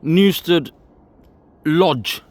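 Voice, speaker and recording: A man on a disused railway trail outdoors draws out his words in a fairly high voice. He's a walking vlogger, chatting to camera and pointing out sights along the way.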